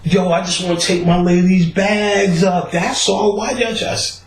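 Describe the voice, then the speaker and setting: A man's voice: fairly even intonation, a little slow, a little hiss or hum. A man voicing an agitated young man who goads and taunts, pushing for a fight. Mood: goading. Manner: taunting, high-pitched and goading. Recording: roomy echo.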